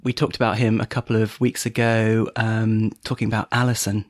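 A man's voice: lowish voice, level tone, brisk, no room sound, clean studio sound. A man hosting a podcast in casual chat, laughing often and filling gaps with ums. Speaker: podcast host.

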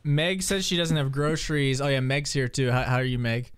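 A man's voice: medium pitch, fairly quick, clear, resonant tone. A man in his twenties hosting a podcast in casual chat, rambling and making self-mocking jokes. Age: 20s. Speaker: podcast host.

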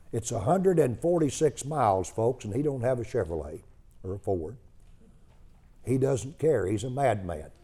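A man's voice: lowish voice, mellow, breathy edge. A man preaching a sermon, telling the story in a folksy, emphatic way.

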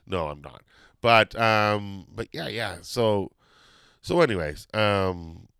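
A man hosting a podcast in casual chat, rambling and excitable, often losing his train of thought. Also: fairly low pitch, slow pace, clean tone, no room sound. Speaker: podcast host.

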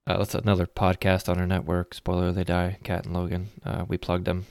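Low-voiced man rambling through stories. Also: fairly quick, vocal fry, no echo, studio quality. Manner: animated, rambling storyteller. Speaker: podcast host. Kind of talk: casual chat.

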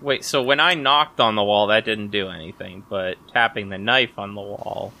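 A man's voice: fairly low pitch, moderate pace, vocal fry, sharp tone. A man playing a tabletop game, talking in a wry, questioning way. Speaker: player.

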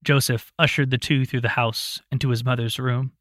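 A man narrating an audiobook in a calm, steady storytelling voice. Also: medium pitch, moderate pace, dry recording, clean studio sound.

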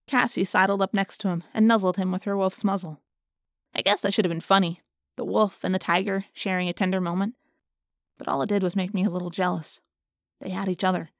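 Woman calmly narrating an audiobook. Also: mid-range voice, brisk, dry recording, clean studio sound. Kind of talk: first-person audiobook narration.

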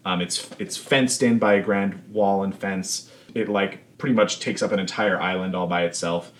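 Low-voiced male game master. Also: fairly even intonation, moderate pace. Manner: casual, many fillers like "like" and "uh". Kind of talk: narrating a tabletop game.

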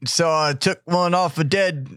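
A man's voice: fairly high pitch, measured pace, a bit bright, clean tone, dry recording, studio quality. A man playing a flustered character with a clumsy put-on British accent, stammering through excuses. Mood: sheepish. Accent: bad put-on British. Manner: stammering, sheepish.

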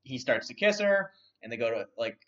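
A man's voice: mid-range voice, very animated, a little fast, fairly bright tone. A man casually recapping a film's plot, rambling with many fillers and restarts. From not from London. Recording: dull, distant mic.

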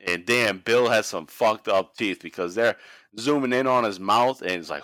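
A man's voice: lowish voice, normal speed, a bit bright, no room sound. A man hosting a podcast in casual chat, laid-back and crude with jokes. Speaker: podcast host.

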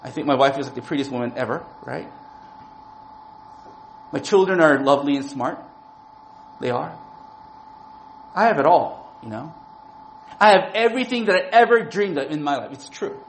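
A man's voice: fairly high pitch, expressive, normal speed, long pauses, slight background noise, rough recording. A man in his forties preaching a sermon in a casual, talky way, often asking "right?" to the listeners. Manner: conversational, keeps asking "right?". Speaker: preacher and lawyer.

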